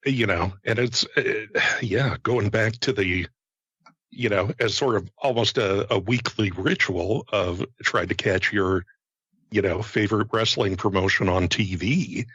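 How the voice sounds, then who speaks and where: Man, podcast co-host, slow halting speech, dull lo-fi sound. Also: lowish voice, a bit bright, slightly rough, no room sound. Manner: halting and rambling, heavy fillers and stutters. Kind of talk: casual podcast chat.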